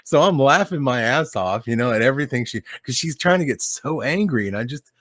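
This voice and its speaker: A man's voice: medium pitch, expressive, brisk, a bit bright, dry recording, studio quality. A man in casual chat as a podcast guest, telling a story in a laid-back, rambling way, swearing and laughing often.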